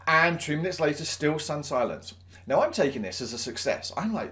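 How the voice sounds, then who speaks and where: A man's voice: on the high side, big pitch swings, brisk, fairly bright tone. A man, a teacher, telling a self-mocking anecdote from his teaching life. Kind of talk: storytelling anecdote.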